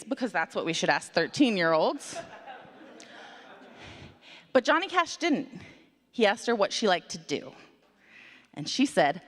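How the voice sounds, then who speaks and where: A woman telling a story to children and the congregation at a worship service, in an animated, conversational way with playful asides. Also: mid-range voice, moderate pace. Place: church sanctuary. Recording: long hall reverb.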